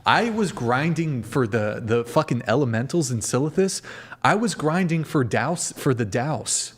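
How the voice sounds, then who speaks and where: A man's voice: medium pitch, expressive, measured pace, slightly rough. A man hosting a podcast livestream, chatting casually, rambling and swearing as he talks straight to his viewers. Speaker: podcast host.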